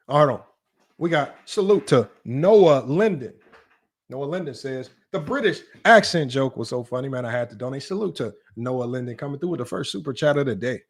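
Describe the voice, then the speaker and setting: A man hosting a casual sports livestream, teasing his chat, his voice jumping up in mock disbelief. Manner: animated, teasing, voice jumps high in mock disbelief. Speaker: livestream sports talk host.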